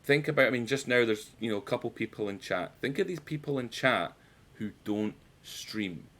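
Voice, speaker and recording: A man's voice: mid-range voice, lively intonation, moderate pace, a bit bright. A British man streaming a game, rambling and joking with his chat and swearing freely. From United Kingdom. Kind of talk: casual gameplay commentary.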